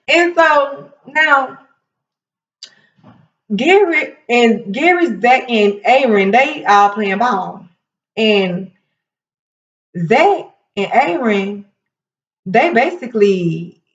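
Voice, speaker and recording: Host woman for a casual show recap, animated and laughing, a bit high, dull roomy sound. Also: far from the mic. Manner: animated retelling, laughs often, quotes characters in quick asides.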